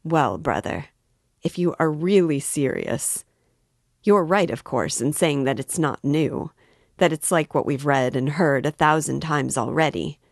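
A woman's voice: sits low, expressive, a little slow, gravelly, dry recording, clean studio sound, full character voice. A woman reading aloud, voicing an agitated young male student in an emphatic, raised voice. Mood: indignant.

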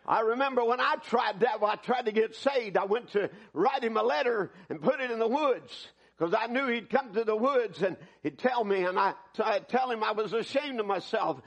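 A male preacher with a high, husky voice delivers a fervent sermon to his congregation. He moves from loud, urgent appeals to soft, hushed prayer. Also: expressive, moderate pace, few pauses, muffled recording. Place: church service.

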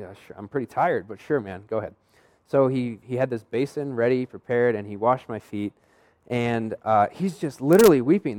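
A young man delivers a sermon as a running story, chatty and easygoing. He slips into other people's voices when he quotes them. His pitch sits in a plain middle range. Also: a little mellow. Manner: conversational, acts out quoted dialogue. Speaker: pastor.

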